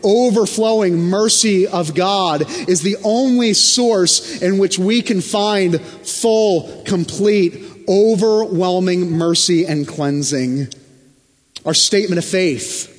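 A man preaching a sermon from the pulpit. He is emphatic and often sinks to a hushed, low tone. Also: a little slow. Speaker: pastor. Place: church sanctuary. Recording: long church reverb.

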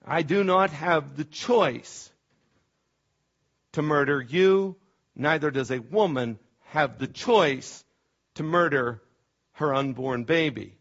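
A middle-aged male pastor preaching with fervent emphasis, his voice pitched a little high for a man. He presses hard on key words and now and then trips over restarts. The church recording sounds dull and lo-fi. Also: takes it slowly, long pauses, a bit bright. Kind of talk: sermon.

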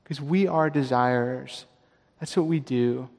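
A man preaching a sermon with emphatic delivery, repeating his key lines slowly for weight. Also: medium pitch, creaky, a little mellow. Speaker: pastor. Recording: long reverb of a large hall.

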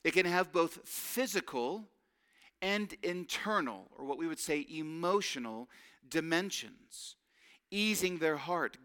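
A man's voice: high voice, sharp tone. A man preaching a sermon, earnest and emphatic, drawing out key phrases.

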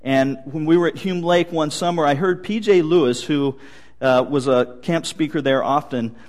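A man's voice: fairly high pitch, darkish tone. A male pastor preaching a sermon, telling stories with light humor.

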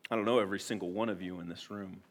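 A man preaching a sermon as a pastor. He speaks earnestly and directly to his congregation, moving between hushed, intimate appeals and loud, emphatic declarations. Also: low-pitched, steady tone, rapid-fire.

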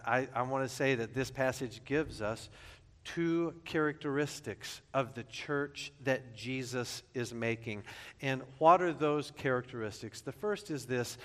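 A man's voice: medium pitch, fairly bright tone, long reverb tail. A man preaching a sermon as pastor, conversational and joking, sometimes stumbling and repeating words.

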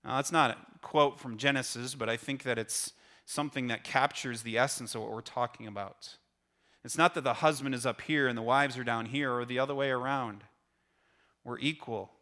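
A man's voice: mid-range voice, bright, forceful tone. A middle-aged male pastor preaching a sermon, earnestly explaining a passage and often repeating his words as he goes.

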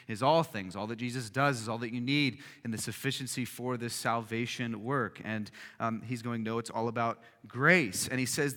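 A man's voice: medium pitch, pushed and bright. A man pastor preaching a sermon, emphatic and conversational with frequent fillers. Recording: reverberant hall.

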